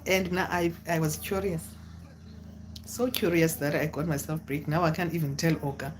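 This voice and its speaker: A young woman, telling a personal story to camera in a casual, dramatic way with sudden high exclamations. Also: fairly even intonation, moderate pace, a little hiss or hum. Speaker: vlogger.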